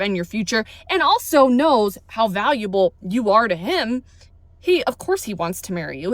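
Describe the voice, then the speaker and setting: A woman's voice: medium pitch, a bit bright, no echo. A woman giving firm, direct dating advice, going through points one by one. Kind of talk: advice monologue to camera.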